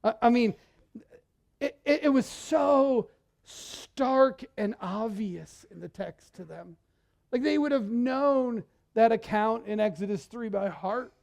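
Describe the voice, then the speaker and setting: A male pastor preaching a sermon in a church, talking in a conversational, animated way and often repeating words as he goes. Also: extremely high pitch, takes it slowly, vocal fry.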